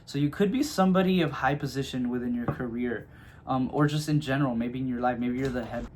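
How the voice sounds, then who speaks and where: A man's voice: mid-range voice, quick pace, a little mellow, a little hiss or hum. A man giving a casual tarot reading, chatty and loose, full of fillers and "okay?" check-ins. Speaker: tarot reader.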